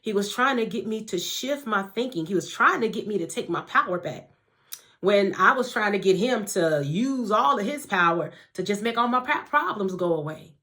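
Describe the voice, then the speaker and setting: Woman faith teacher, casual devotional talk to camera, expressive, mid pitch. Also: normal speed. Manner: warm conversational preaching, addresses listeners as family and honey.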